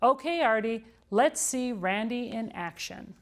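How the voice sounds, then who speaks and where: A fussy male professor from a children's picture book, explaining things in a matter-of-fact, lecturing way, read aloud by a woman. The voice stays fairly high and plain, more explainer than showman. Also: lively intonation, unhurried.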